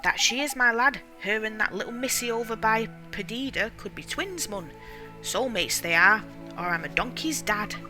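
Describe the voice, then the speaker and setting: A woman's voice: fairly high pitch, expressive, moderate pace, close to an everyday voice. Woman doing a cheeky fairy sidekick. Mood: chummy. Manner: blunt, sassy, colloquial. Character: cheeky little male fairy sidekick, brash. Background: game music.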